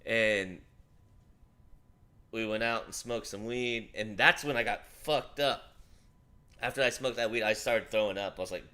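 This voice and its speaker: A man hosting a livestream, telling a long casual story in a rambling, animated way with frequent swearing. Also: on the low side, a little slow, pauses often. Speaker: livestream host.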